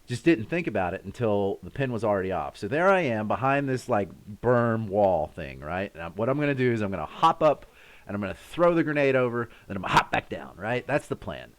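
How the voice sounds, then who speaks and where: A man in his thirties hosting a live stream, casually telling a story to his chat and acting out sounds and shouts along the way. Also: fairly low pitch. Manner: animated, acts out sounds and his own shouts.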